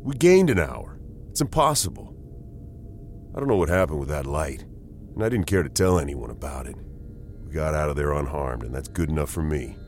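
A man's voice: very deep voice, big pitch swings, a little fast, pauses often, a little mellow, a little hiss or hum. A man narrating a first-person paranormal story with a tense, dramatic delivery.

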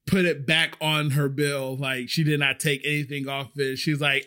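Male podcast host, animated storyteller, pitch a touch on the high side. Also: moderate pace. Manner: animated, acts out the voices of people in his stories. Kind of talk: casual storytelling.

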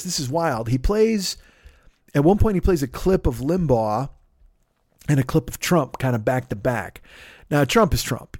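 This podcast host's sponsor plug is rambling and profane, full of self-interruptions and restarts, all within casual chat. His voice is on the high side with a darkish tone, and the recording is dry with clean studio sound.

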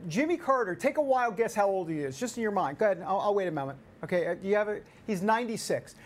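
A man's voice: high voice, lively intonation, quick pace. A male host giving casual, sarcastic political commentary with jokes and asides. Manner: sarcastic, joking, rambling.

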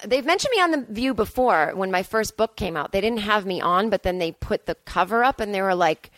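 Brisk and animated, her fairly bright mid-range voice comes through without echo. She's a podcast host in her forties, talking solo from a hotel room and spinning chatty stories laced with sarcasm and self-deprecation.

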